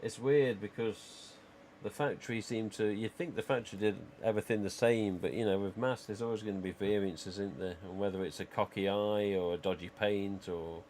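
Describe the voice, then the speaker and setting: A man's voice: fairly low pitch, steady tone, normal speed, hardly any pauses, a little mellow, slight background noise. A man hosting a livestream, chatting casually and rambling with lots of "you know" asides. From England. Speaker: livestream host.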